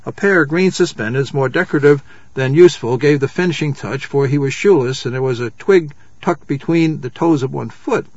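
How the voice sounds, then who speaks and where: A man reading a children's novel aloud at a measured pace, calling out the page numbers as he goes. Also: a little high, breathy edge, dry recording, muffled recording. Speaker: reader.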